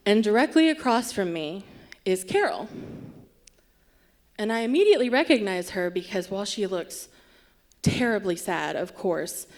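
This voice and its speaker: A woman's voice: mid-range voice, animated, moderate pace. A woman telling a wry, self-deprecating story on a theatre stage, acting out what people said. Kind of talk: live comic storytelling.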